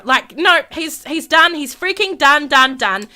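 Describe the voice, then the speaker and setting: Excitable high-voiced young woman gamer. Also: unhurried. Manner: dramatic, gasping, repeats herself, acts out characters' quarrels. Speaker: gaming video host. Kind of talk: excited let's-play commentary.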